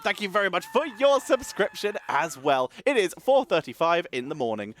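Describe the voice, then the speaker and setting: A man casting a live esports match, energetic and chatty, wired on caffeine and thanking subscribers between calls of the play. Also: a little high, normal speed, few pauses, dry recording. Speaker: esports caster.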